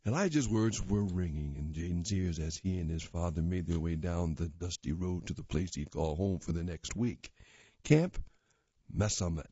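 A man with a low, husky, mellow voice reads a magazine story aloud at a plain, unhurried pace. The recording is dull and lo-fi, and the room is dry. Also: no room sound. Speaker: reader.

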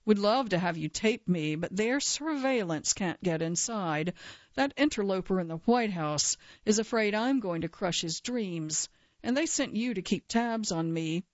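A woman's voice: mid-range voice, expressive, measured pace, no echo, lightly acted. A suspicious, dying old judge snaps and barks his accusations, as a woman reads him aloud. The recording is dry and slightly dull. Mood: suspicious, gruff. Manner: gruff, barking, suspicious. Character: paranoid dying elderly male justice, gruff.

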